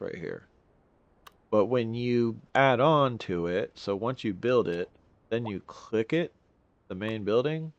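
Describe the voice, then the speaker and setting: A man's voice: on the low side, dry recording, dull audio. A young man giving casual gameplay commentary, rambling and complaining in exasperation as he plays.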